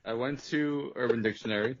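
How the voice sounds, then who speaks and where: Quick-talking male co-host. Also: mid-range voice, lo-fi sound. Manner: quick, contrary banter. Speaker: podcast co-host. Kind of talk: casual chat.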